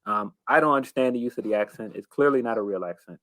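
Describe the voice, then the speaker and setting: A man cohosting a casual wrestling podcast, talking in a measured, hesitant way. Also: lowish voice, a bit bright, dry recording. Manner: measured, hesitant, with many restarts and fillers.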